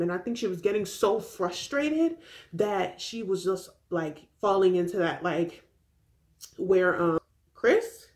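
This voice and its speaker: A young woman recapping a reality show in a chatty, animated way. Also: medium pitch, slow pace. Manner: chatty, animated, slips into quoted voices. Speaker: recap vlogger.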